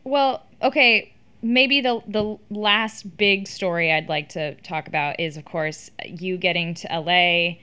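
A woman's voice: fairly low pitch, steady tone, a little slow, pushed and bright, clean tone. A woman hosting an interview, asking questions in a hesitant way with ums and restarts. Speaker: interviewer host.

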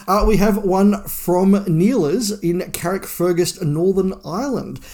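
A man's voice: high voice, a little slow, warm tone. A man co-hosting a podcast, chatting casually in a joking, self-deprecating way with frequent stumbling restarts. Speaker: podcast co-host.

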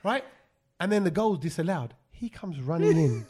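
A man hosting a casual podcast chat, telling an animated story and acting out his friends' lines. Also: fairly high pitch, normal speed, a loud crowd. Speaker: podcast host.

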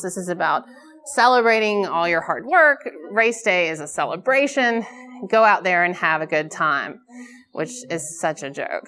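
A woman's voice: fairly low pitch, lively intonation, normal speed, pushed and bright. A woman in her thirties giving a live talk at a conference, candid and self-deprecating, often laughing at herself. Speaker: conference speaker. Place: conference stage before a live audience.

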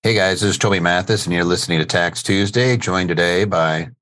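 A middle-aged podcast host with a deep, slightly bright voice talks briskly from his studio, with no echo. It's a relaxed live webinar chat, and he meanders along, cracking jokes and laughing without much prompting.

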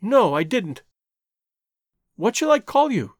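Guy doing an emotional young woman in an audiobook, pitched way up, big swings. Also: big pitch swings, slow pace, dry recording, studio quality, full character voice. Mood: earnest. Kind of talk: audiobook character voice.

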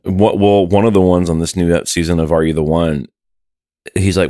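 A man's voice: deep voice, steady tone, normal speed, dark tone, no room sound, clean studio sound. A middle-aged man co-hosting a podcast, talking in crude, joking casual chat. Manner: crude, joking, plays bits. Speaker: podcast co-host.

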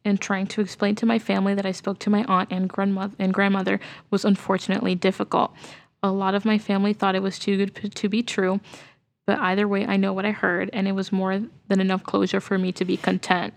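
A woman's voice: medium pitch, completely flat delivery, fairly quick, vocal fry. A woman co-hosting a podcast, reading a listener's ghost story aloud in an earnest way and getting emotional as she reads. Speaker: podcast co-host.

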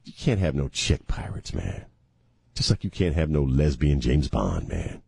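A man's voice: very deep voice, very animated, a little slow, creaky, dark tone, husky, no room sound. A male talk radio host bantering on air, ranting in mock outrage and joking. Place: radio studio. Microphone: studio microphone.

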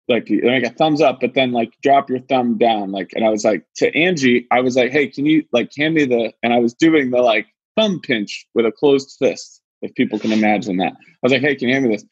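A man's voice: breathy edge, no echo, lo-fi sound. A man in his thirties, a podcast co-host, telling a story in casual chat and acting out quotes in a raised voice. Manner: animated, acts out quotes in high voices.

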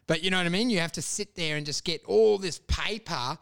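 Ranting man with a high voice. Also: brisk, vocal fry, a bit bright, clear, resonant tone, dry recording. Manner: profane, ranting, acts out voices. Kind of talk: casual chat.

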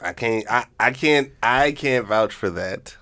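A man's voice: mid-range voice, expressive, unhurried, fairly bright tone, no room sound. An easygoing man from Jamaica with a Jamaican accent chats and laughs along on a podcast. His intonation rises and falls freely, and his voice comes across dry and close. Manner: laid-back, laughing, easygoing replies. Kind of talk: casual chat.

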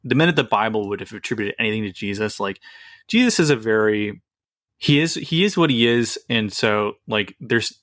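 A man's voice: lowish voice, animated, moderate pace, fairly bright tone, no room sound, studio quality. A young man co-hosting a podcast in casual, rambling chat, full of fillers. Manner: rambling, filler-heavy, frequent "like". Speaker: podcast co-host.

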